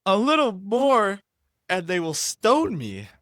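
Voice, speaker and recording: A man doing an exasperated Moses, Jamaican lilt, high strained voice, dry close sound. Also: huge pitch swings, slow, a bit bright, dry recording, heavily acted. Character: agitated Moses, male, with a put-on Jamaican lilt.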